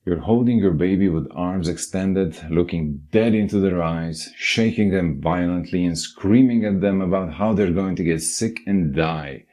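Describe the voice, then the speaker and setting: Deep-voiced man, earnest narration. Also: a little slow, few pauses, mellow. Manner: earnest, direct, addresses listener. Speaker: self-help narrator. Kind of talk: scripted motivational narration.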